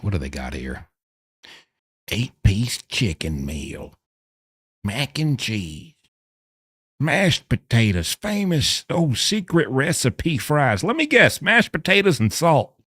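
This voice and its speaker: A man's voice: medium pitch, very animated, slow, a bit bright, husky, no echo. Guy on a live stream joking around with chat, voice bouncing up and down a lot, dry close sound. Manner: playful, joking banter with chat. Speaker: livestreamer.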